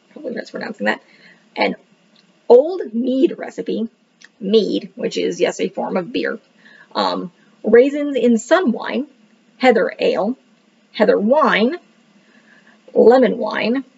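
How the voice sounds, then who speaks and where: A woman's voice: medium pitch, gravelly, husky. A woman casually reviewing a book, rambling with many fillers and joking that she cannot pronounce the words. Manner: self-deprecating about pronunciation. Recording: dull lo-fi recording.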